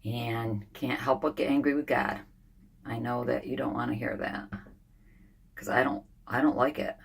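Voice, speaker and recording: Older woman, low voice, blunt and confessional, casual vlog talk from a sauna. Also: fairly even intonation, normal speed, gravelly, husky. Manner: blunt, candid, venting, thinking out loud. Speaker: vlogger.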